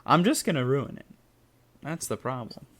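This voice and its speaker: An American esports caster provides laid-back, chatty play-by-play on a match, speaking at normal speed with a very animated, medium-pitched voice.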